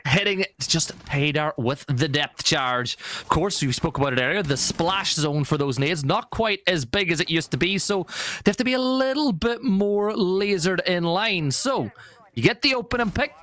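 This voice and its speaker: A man with an Irish accent calling live esports play-by-play in a brisk, conversational way. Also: sits high, lively intonation, fairly bright tone. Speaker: esports caster.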